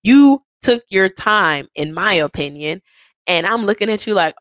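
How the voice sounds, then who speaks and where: Woman, podcast host, playful, animated storytelling, close mic, dry sound. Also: lowish voice, moderate pace, no room sound. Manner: animated, playful, acts out quoted voices. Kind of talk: intimate personal podcast storytelling.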